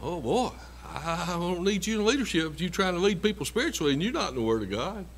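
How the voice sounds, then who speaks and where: A man's voice: high voice, sing-song, fast talker, fairly bright tone, a little hiss or hum. A man preaching a sermon in a church, folksy and emphatic, repeating his phrases. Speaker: pastor.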